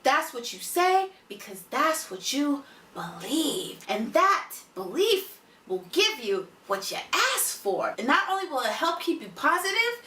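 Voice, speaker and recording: A high, animated woman coaching one listener with emphatic, repetitive lines. Her voice is bright and sits back from the mic. The room around her is echoey. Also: unhurried, distant mic. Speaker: motivational speaker. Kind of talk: motivational address to one listener.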